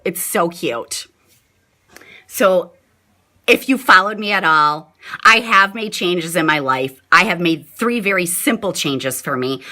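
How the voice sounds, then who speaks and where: A middle-aged woman chatting casually with her viewers on a live stream, gushing and excitable, often addressing them as "you guys". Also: medium pitch.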